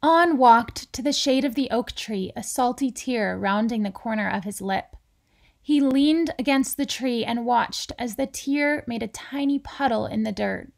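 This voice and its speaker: A woman reading a children's picture book aloud in a gentle, deliberate storytelling manner. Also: fairly high pitch, creaky. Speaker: reader.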